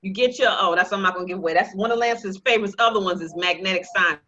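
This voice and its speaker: A woman teaching a real estate investing class, talking in a lively, joking, sales-pitch way. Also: fast, muffled recording. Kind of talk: live online class presentation.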